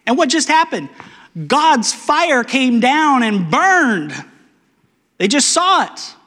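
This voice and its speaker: Brief: high-pitched male pastor, casual and emphatic, echoing sanctuary sound. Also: very animated, takes it slowly. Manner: conversational, playfully emphatic, trails off into soft repetitions. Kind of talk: sermon with Bible reading.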